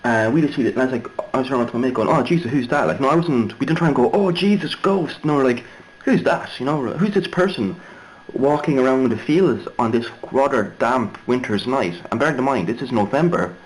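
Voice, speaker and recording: A man's voice: mid-range voice, quick pace, hardly any pauses, slight background noise, low-quality recording. A young Irishman telling a story casually, rambling and digressive with many fillers and restarts. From Ireland. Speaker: vlogger.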